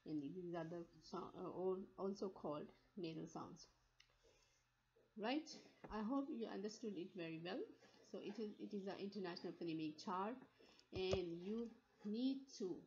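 A woman giving a phonetics lecture, repeating sounds slowly to demonstrate them, with frequent restarts. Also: on the low side, darkish tone, a little hiss or hum. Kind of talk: recorded online lecture. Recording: slightly dull lo-fi recording.

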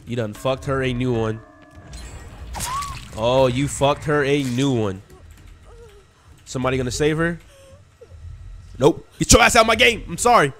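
Loud taunting young man gaming. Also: medium pitch, lively intonation, normal speed, pauses often, slight background noise. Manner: loud, taunting trash talk with sudden yelps. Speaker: gaming streamer. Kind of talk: excited gameplay commentary.

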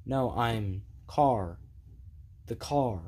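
A male performer voicing a dazed male race car with amnesia, talking slowly and flatly in a toy car skit. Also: medium pitch, noisy background, voice pushed down. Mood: stubborn. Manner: slow, flat and confused.

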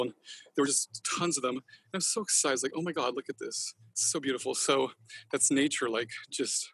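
A man's voice: medium pitch, a bit bright, breathy edge, no echo. A man talking passionately in a casual podcast interview, rambling and swearing freely. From Northern California. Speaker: podcast guest, company founder.

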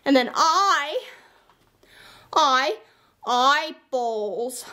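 A woman voicing a playful young dinosaur who sings and roars, teaching children in a sing-song, drawn-out way. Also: sits high, expressive, bright, forceful tone, heavily acted. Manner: sing-song, stretches vowels, drawn-out words. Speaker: children's puppet show host. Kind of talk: children's sing-along lesson.

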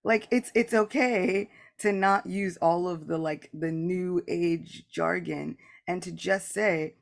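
A spiritual podcast host speaks slowly in a low, creaky voice. She talks candidly, earnestly and reflectively, with many casual "like" asides, often acting out both halves of conversations she remembers.

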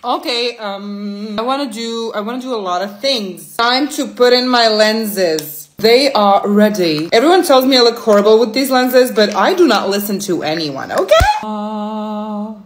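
A woman's voice: medium pitch, unhurried, hardly any pauses. A young woman chatting casually through a makeup vlog, playful and self-mocking. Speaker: makeup content creator.

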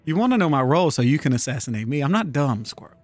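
A man's voice: on the high side, very animated, quick pace, darkish tone, no room sound, soft background music. A man, teasing his friends with playful swearing in casual voice chat during an online party game.

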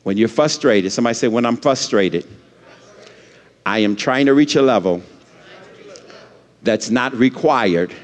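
A man's voice: mid-range voice, measured pace, long pauses. A man preaching a sermon as pastor, with lots of repetition and call-and-response lines for the congregation. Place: church sanctuary. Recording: long church hall reverb.

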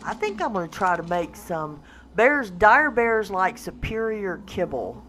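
A woman hosting a casual let's-play, chatting to the animals in her game in a coaxing, excitable way. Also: medium pitch, measured pace, slight background noise. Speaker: gaming channel host.

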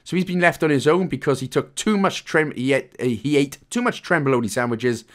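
A man's voice: mid-range voice, brisk, fairly bright tone. A young Welsh man with a Welsh accent giving a chatty, jokey gameplay walkthrough with loose asides and fillers. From Wales. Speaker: game guide presenter. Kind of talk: casual gameplay walkthrough commentary.

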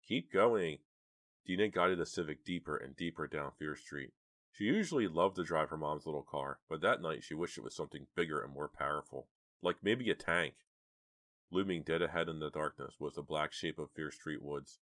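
Deep voiced guy reading an audiobook, steady, dry sound. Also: brisk, dry recording. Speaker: audiobook narrator. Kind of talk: scripted audiobook narration.

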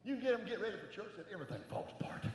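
Middle-aged male evangelist, lively sermon delivery, high-pitched, recorded in a reverberant sanctuary. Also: very fast, a little hiss or hum. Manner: animated, swings from soft asides to shouting. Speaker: evangelist preacher. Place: large church sanctuary. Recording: echoey church hall with long reverb.

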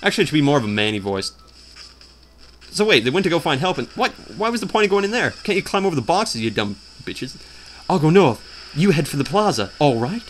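A man's voice: fairly high pitch, very animated, quick pace, a little hiss or hum. A man giving crude, mocking commentary while playing a video game, humming the theme and trying out funny voices. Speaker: let's player. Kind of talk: casual gameplay commentary.

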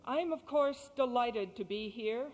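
A woman from Texas giving a prepared speech as guest speaker, crisp and articulate with light humor. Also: on the high side, measured pace, highs cut off. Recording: cassette recording in a reverberant hall.

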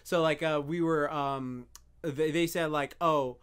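A man co-hosting a podcast, talking in a laid-back, halting way full of "uh" and "like". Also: on the high side, steady tone, fairly bright tone, clear, resonant tone. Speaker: podcast co-host. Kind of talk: casual advice chat.

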